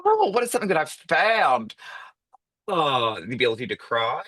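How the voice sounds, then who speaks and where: A young man with a nasal, bright voice chats casually as a podcast guest, chatty and self-deprecating. The sound is dry and close, with no room in it. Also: on the high side, sing-song, moderate pace, no echo. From Australia.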